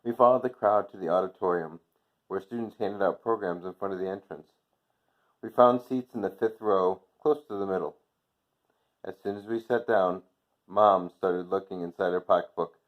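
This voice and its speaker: Low-voiced man reading a story aloud. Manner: gentle, unhurried reading with soft quoted dialogue. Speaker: teacher reading aloud to class. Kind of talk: read-aloud storybook narration. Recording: dull lo-fi recording.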